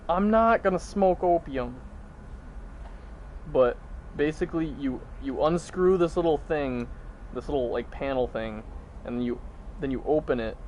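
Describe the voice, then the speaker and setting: A man's voice: medium pitch, a little mellow, a little hiss or hum, rough recording. Profane rambling young man streamer. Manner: rambling, profane, laughing storyteller. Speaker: gaming streamer. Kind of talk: casual chat over gameplay.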